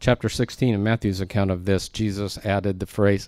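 Low-voiced man preaching, dry close sound. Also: fairly even intonation, normal speed, a little mellow, no room sound. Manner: conversational, joking asides to the congregation. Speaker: pastor. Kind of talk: expository sermon.

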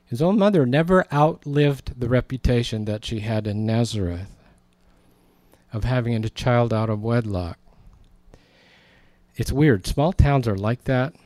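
A man's voice: medium pitch, measured pace, pauses often, a little mellow, no echo. Conversational male preacher, dry sound. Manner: conversational storytelling, acts out quoted lines. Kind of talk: sermon.

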